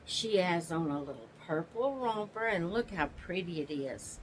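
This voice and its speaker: A woman hosting her own channel, chatting casually from her rocking chair at home in a slow, homey, rambling way and yawning now and then. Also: fairly low pitch, animated, a little hiss or hum, rough recording. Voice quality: slow, drawling, yawns often. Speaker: channel host. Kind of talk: casual chat.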